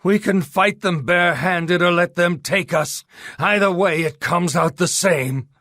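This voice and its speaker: A grim captive, as a man voices him, speaks soberly and low in spirit. His pitch sits a little above the reader's own, and his words carry dread. It is a pulp-adventure audiobook part. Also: measured pace, bright, forceful tone, dry recording, clean studio sound. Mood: despairing. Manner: sober, then despairing. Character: sober adult male island captive, fearful.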